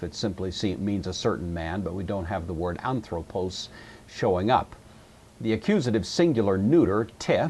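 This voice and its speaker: Low husky male Greek teacher. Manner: patient, methodical explaining with frequent uh fillers. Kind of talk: recorded lecture.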